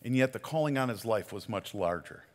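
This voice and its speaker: A man's voice: fairly low pitch, lively intonation, brisk, long reverb tail. A man giving a sermon as a community pastor, telling the story in a conversational way and often restarting his words.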